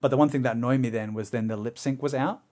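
A man's voice: mid-range voice, steady tone, fast talker, a little mellow. Rambling man on a podcast. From Australia. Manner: rambling, many fillers and restarts, drops into silly voices. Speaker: podcast co-host. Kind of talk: casual chat.

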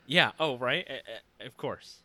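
Bright-voiced man in chatty movie talk. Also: mid-range voice, lively intonation, moderate pace, no echo. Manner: chatty, agreeable, many "like"s. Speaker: podcast co-host. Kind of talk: casual movie discussion.

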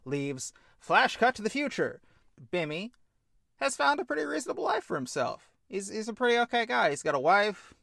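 A man co-hosting a podcast, pitching a film idea in an animated, casual chat and swearing freely. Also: moderate pace, creaky, no room sound, clean studio sound. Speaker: podcast co-host.

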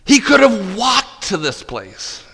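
A man preaches in a bright, ringing tone, his pitch swinging widely as he plays out scenes with dramatic flair. His voice sits a bit high for a man and carries a long reverb like a large church sanctuary. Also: very animated, slow, vocal fry, husky. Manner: dramatic, voices disciples in mock disbelief, drops to quiet intensity. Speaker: pastor. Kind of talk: sermon.

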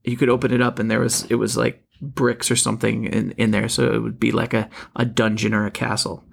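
A man co-hosting a casual movie podcast, talking in a hesitant, halting way. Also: mid-range voice, little pitch movement, gravelly, breathy edge. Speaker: podcast co-host. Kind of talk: casual chat about movies.

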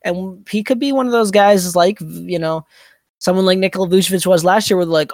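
A man's voice: high-pitched, fairly even intonation, a little fast, no echo, clean studio sound. A man co-hosting a fantasy basketball podcast, talking casually and hesitantly with many filler words. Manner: hesitant, many likes and you-knows. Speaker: podcast co-host.

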